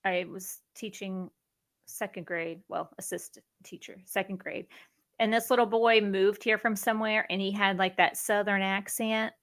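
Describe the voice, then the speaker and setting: A woman in her thirties co-hosting a casual chat show, chatty and animated as she reads out questions. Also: mid-range voice, moderate pace. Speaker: podcast co-host.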